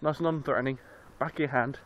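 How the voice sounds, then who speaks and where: On a noisy street, a young man talks into his phone for a casual vlog, rambling and swearing his way through a story. His mid-range voice is quick and fairly even, and the sound is lo-fi.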